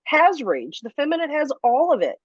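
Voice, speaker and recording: A woman's voice: high-pitched, wildly swooping pitch, normal speed, a loud crowd. A woman hosting a podcast in a casual conversation. She talks frankly and thoughtfully and swears freely. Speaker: podcast host. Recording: dry, slightly muffled audio.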